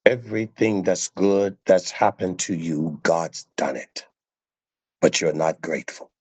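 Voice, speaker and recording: A man's voice: sits low, a little slow, a little mellow, slightly rough, no room sound. A male preacher giving a sermon, emphatic and repeating phrases for stress.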